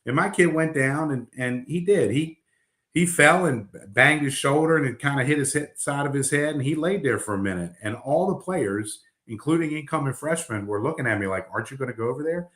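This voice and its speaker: A man's voice: mid-range voice, animated, normal speed, a bit bright, echoey room. A middle-aged man, a coach, talking bluntly in casual podcast chat, rambling with fillers and restarts. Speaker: basketball coach.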